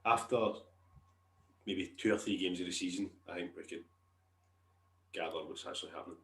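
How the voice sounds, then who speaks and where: A man's voice: low-pitched, steady tone, a little fast, bright, forceful tone, echoey room. A Scottish man co-hosting a podcast, chatting casually and laughing often. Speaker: podcast co-host. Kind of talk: casual chat.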